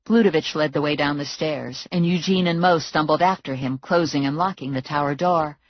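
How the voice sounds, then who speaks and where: A woman narrating a first-person audiobook in a brisk, wry storytelling manner. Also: low voice, no room sound, highs cut off.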